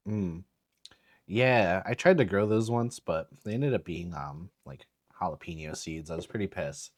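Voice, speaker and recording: A man's voice: low-pitched, unhurried, dry recording, clean studio sound. A man hosting a podcast, chatting casually and laid-back, saying "dude" often. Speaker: podcast host. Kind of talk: casual chat.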